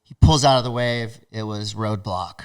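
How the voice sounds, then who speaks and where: A man guest on a podcast, telling stories in an animated, laughing way and acting out what other people said. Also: lowish voice, moderate pace, clean tone. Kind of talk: casual storytelling.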